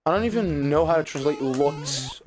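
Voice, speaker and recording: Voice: medium pitch, lively intonation, moderate pace. A streamer from Brazil, a Portuguese speaker, chatting casually and rambling with many fillers and swears. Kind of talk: casual live-stream chat. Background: music playing.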